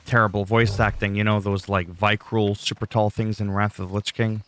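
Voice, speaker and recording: A man's voice: lowish voice, level tone, normal speed, few pauses, fairly bright tone. A man giving casual, rambling gameplay commentary with dry sarcastic asides.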